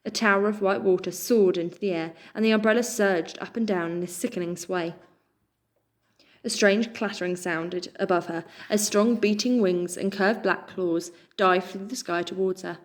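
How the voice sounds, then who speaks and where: A woman reads a children's book aloud in a measured, expressive voice. Her pitch sits mid-range, and she lets each line of the story land before moving on.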